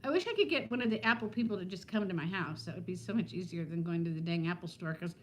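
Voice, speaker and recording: A woman's voice: fairly low pitch, fast, a little hiss or hum. A woman in her fifties chatting casually on a live stream from home, talking to viewers by name and laughing often. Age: 50s. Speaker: vlogger hosting a live stream.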